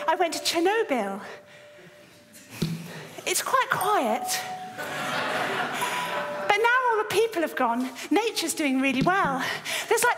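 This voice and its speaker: An actress playing a lonely, awkward woman who pleads with an online date. She rambles eagerly and talks in fits and starts in a dance theatre monologue. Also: extremely high pitch. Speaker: stage performer. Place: theatre stage. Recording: reverberant theatre stage with music. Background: music score.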